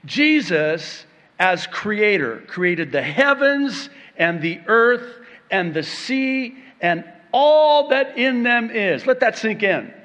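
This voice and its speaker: Male preacher, slightly high voice, slow deliberate sermon delivery, long hall reverb. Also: sing-song, a bit bright. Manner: slow, dramatic delivery with playful acted-out quotes and laughter.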